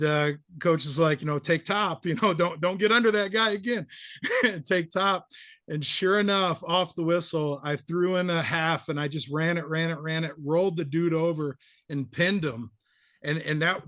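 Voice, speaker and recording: A middle-aged man telling a story about his school wrestling days in a grateful, animated way as a guest. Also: fairly high pitch, dry recording, clean studio sound. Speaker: former student athlete, guest. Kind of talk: casual storytelling.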